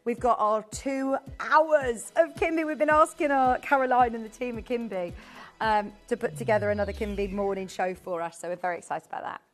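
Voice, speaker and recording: A woman's voice: fairly high pitch, brisk, faint music behind. Bubbly woman shopping presenter. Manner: chatty, bubbly, rattles off prices and buyer names. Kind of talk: live TV sales patter. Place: TV studio.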